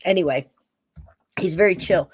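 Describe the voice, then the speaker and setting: A woman hosting a paranormal podcast, talking casually and warmly. She rambles from one thought to the next and laughs often. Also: fairly low pitch, moderate pace, breathy edge, no echo, studio quality. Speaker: podcast host. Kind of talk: casual chat, talking to her pets on camera.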